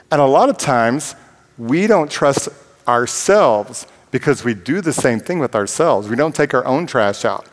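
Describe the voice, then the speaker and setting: Male preacher, mid-range voice, plain-spoken and self-deprecating, big echoing hall sound. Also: mid-range voice. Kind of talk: conversational sermon with personal stories. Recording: long hall reverb.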